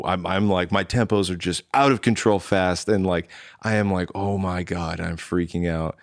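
A man's voice: low-pitched, normal speed, no room sound, clean studio sound. A man, a drummer and guest, telling a rambling story in casual conversation and acting out what people said to him. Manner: rambling, acts out quoted dialogue with restarts.

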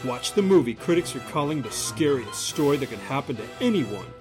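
A performer voicing a dramatic movie-trailer announcer and coaxing partner in a spoof trailer, speaking with urgency over loud music. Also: medium pitch, sing-song, a little fast, close to an everyday voice. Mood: ominous. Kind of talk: mock movie-trailer acting.

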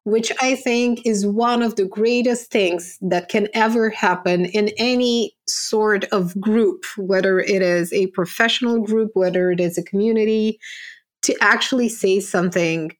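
A woman's voice: medium pitch, measured pace. A woman interviewer with a mid-range voice speaks in a thoughtful, reflective way. She weighs her guest's story and draws out what she values in it. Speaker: host.

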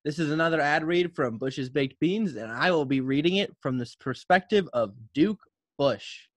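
A man's voice: on the high side, animated, moderate pace. A man co-hosting a comedy podcast, rambling and giggling, full of "like". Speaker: podcast co-host. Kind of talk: casual comedy podcast chat.

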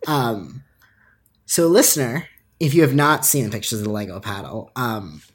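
Husky, very low-voiced woman telling stories. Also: brisk. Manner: animated storytelling, laughs often, acts out quotes. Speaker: podcast co-host. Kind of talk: casual podcast chat.

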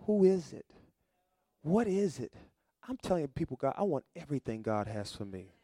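Middle-aged male pastor, preaching sermon, fairly high voice, dry close sound. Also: big pitch swings, moderate pace, no echo. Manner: call-and-response preaching, building to loud emphatic peaks.

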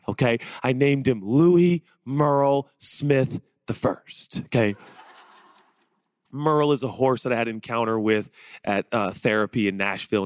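A pastor with a lowish voice delivers a conversational sermon, recorded dry. He shares personal stories in a chatty, animated manner, building up to excited rhetorical questions.

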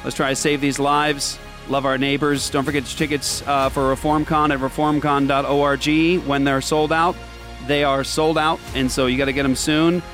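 A man's voice: medium pitch, flat delivery, moderate pace, fairly bright tone, faint music behind. A man hosting a faith radio show, talking in an earnest, emphatic, preacherly way. He sounds tired from travel. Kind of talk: casual faith talk.

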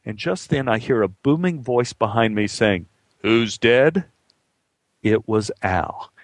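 Male storyteller, vivid dramatic telling, gravelly voice, dry close sound. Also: on the low side, animated, moderate pace, no echo. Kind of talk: spoken personal storytelling.

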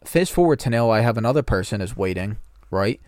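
A man's voice: lowish voice, expressive, brisk, a little mellow, no room sound, clean studio sound. A man co-hosting a podcast, telling a rambling anecdote in casual chat and swearing a lot. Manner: rambling storytelling, frequent swearing. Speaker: podcast co-host.

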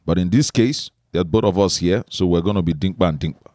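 A man with a very deep voice hosts a casual podcast chat. He asks loose, rambling questions full of fillers. The sound is dry and close to the mic. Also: fast talker, darkish tone, dry recording. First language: Igbo. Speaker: podcast host.

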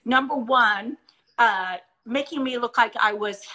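A woman's voice: a little high, a little slow, bright, forceful tone, poor audio. A middle-aged woman hosting a Christian talk show, speaking with eager encouragement and acting out stories. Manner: enthusiastic, encouraging, reenacts stories. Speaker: host.

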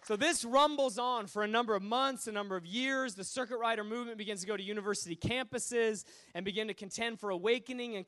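A man preaches with a high, resonant voice. He tells his stories with animated energy, dropping to near-murmurs and then surging into loud bursts. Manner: animated, swinging between hushed asides and loud bursts. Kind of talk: sermon storytelling.

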